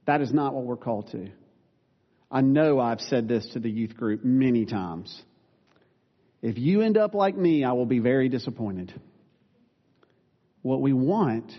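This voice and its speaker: A male pastor preaching a sermon, earnest and plain-spoken, with self-deprecating asides and quick corrections of himself. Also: medium pitch. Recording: dull sound with long reverb in a large room.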